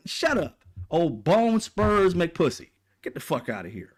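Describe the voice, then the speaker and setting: A man's voice: fairly high pitch, sing-song, a little slow, a bit bright. A man delivering a heated, profane political rant, mocking and blunt. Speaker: political commentator. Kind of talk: ranting monologue.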